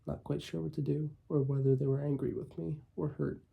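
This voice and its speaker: Husky, gravelly male storyteller. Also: fairly high pitch, little pitch movement, narrow, tinny audio. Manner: measured, with small slips and coughs. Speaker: audiobook reader. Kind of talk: first-person story reading.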